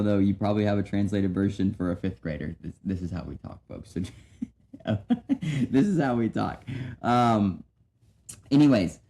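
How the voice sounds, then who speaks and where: A man's voice: on the low side, mellow. A young man hosting a podcast, giving a casual devotional talk with frequent restarts and asides to his listeners. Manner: conversational, many restarts and "right?". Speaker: podcast host.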